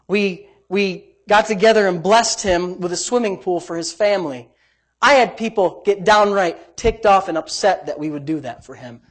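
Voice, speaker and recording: Here a pastor, middle-aged and high-voiced, preaches at normal speed in an animated way. His sermon drops from soft asides into loud, emphatic exclamations.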